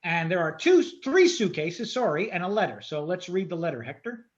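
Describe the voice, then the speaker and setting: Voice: mid-range voice, very animated, brisk, lo-fi sound. A game master running a tabletop horror game, talking casually and correcting themself mid-sentence.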